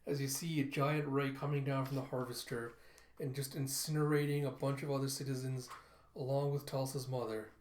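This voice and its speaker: A man's voice: medium pitch, a little mellow, reverberant. A man casually narrating a comic book read-through, loose and hesitant with fillers. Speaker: comic reviewer.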